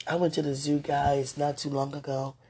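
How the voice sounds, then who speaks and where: Very breathy, husky-voiced woman. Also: deep voice, moderate pace. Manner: drifts into breathy whispered asides; sleepy, yawning, animated bursts. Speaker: online talk host. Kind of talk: casual faith-filled chat to viewers.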